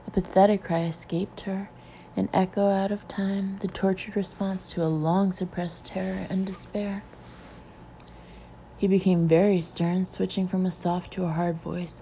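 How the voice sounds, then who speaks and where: A woman narrating a suspense novel in a measured reading, in a dull lo-fi recording. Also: mid-range voice, flat delivery, dark tone, slight background noise. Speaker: audiobook narrator. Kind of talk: scripted narration.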